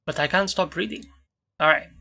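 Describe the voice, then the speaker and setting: A man's voice: a little high, a little fast, creaky, bright, forceful tone. A man playing a video game, reading its text aloud with frequent stumbles and self-corrections. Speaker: let's play commentator.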